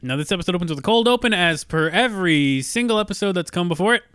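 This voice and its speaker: A man's voice: high-pitched, lively intonation, quick pace, fairly bright tone, smooth, dry recording, studio quality. A man co-hosting a casual podcast, joking around and swearing freely as he walks through an episode. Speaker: podcast co-host.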